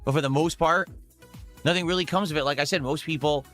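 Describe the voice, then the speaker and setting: A man rants defensively as a streamer, indignant and insistent. He talks fast, with a bright, pushing tone and a slightly raised pitch. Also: steady tone, faint music behind. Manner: indignant, ranting. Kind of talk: defensive monologue.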